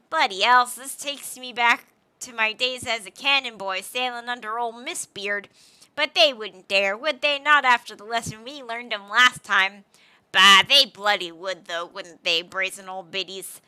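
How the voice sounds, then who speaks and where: A crusty old sailor barks and grumbles in salty slang, as a woman puts him on for a game. The voice sits high and very bright, loud and pushed. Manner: gruff, salty sea-dog talk. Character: grumpy old male sailor master.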